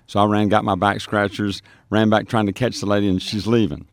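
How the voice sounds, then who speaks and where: A man with a deep, low voice tells a story of his street ministry, stumbling and restarting as he goes. He acts out the dialogue he recalls. The recording is dry and close. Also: level tone, a little fast, no room sound. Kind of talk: telling a testimony on a radio show.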